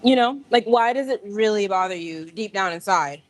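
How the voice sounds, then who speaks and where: A woman hosting a casual livestream from a gym, talking straight to her viewers in an animated, rambling way. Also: mid-range voice, normal speed, no room sound. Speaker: livestream host. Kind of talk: casual live-stream chat.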